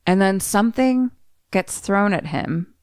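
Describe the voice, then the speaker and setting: A woman's voice: mid-range voice, animated, measured pace, a little mellow, clear, resonant tone, dry recording, studio quality. A woman co-hosting a podcast, animatedly retelling a film scene by scene, acting out the characters and swearing freely. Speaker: podcast co-host. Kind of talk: casual chat, retelling a film.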